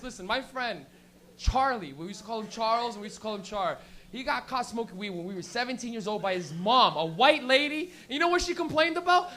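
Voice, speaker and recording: Laughing, profane young male stand-up. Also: extremely high pitch. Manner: animated, profane storytelling, laughing at his own jokes. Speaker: stand-up comedian. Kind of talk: stand-up comedy set.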